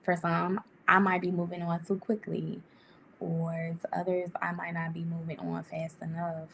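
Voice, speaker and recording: A woman vlogger talking casually to camera with life advice, chatty and animated, laughing often and jumping up in pitch. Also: moderate pace, gravelly, slight background noise. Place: indoor room.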